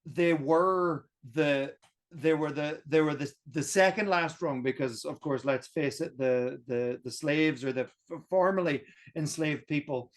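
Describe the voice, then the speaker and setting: A man's voice: a little high, unhurried. A man on a roundtable podcast, explaining history at length in a casual way, with lots of "um" and restarts. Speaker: podcast co-host.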